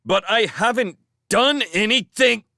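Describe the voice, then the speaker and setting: A man voicing a frightened young male prisoner who protests in a high, breathless voice. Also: measured pace, creaky, pushed and bright, no room sound, studio quality, exaggerated voice. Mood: panicked.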